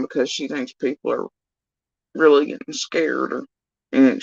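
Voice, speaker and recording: A woman hosting reaction commentary, talking in a scornful, mocking way with sudden high-pitched jabs. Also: steady tone, unhurried, vocal fry, long pauses, husky, dry recording, dull audio. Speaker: commentary host.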